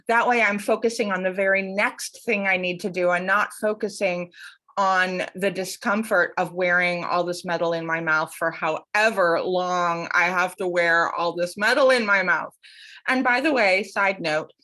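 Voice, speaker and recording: An academic coach hosts her own show, speaking casually to camera. She's expressive, laughing often and swinging widely in pitch, yet her intonation is also described as fairly even, with a moderate pace and a sharp tone.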